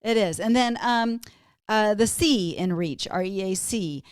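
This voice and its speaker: A woman's voice: medium pitch, a little slow, clean tone, no echo, clean studio sound. A woman from Minnesota, a wellness guest on a podcast interview, telling stories in an upbeat, motivational way.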